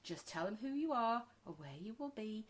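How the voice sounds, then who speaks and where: A woman's voice: on the high side, animated, normal speed, a crowd in the background. A woman in her forties, a podcast co-host, chatting casually and telling a story bluntly, with plenty of swearing. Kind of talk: casual chat.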